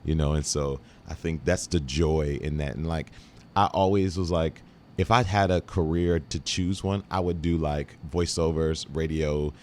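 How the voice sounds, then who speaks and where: A man with a very deep, low voice talks easily as an interview guest, laughing often and sometimes repeating words. Faint background noise sits under the recording. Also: fairly even intonation, measured pace, darkish tone. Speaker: Broadway actor guest. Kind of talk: casual interview chat.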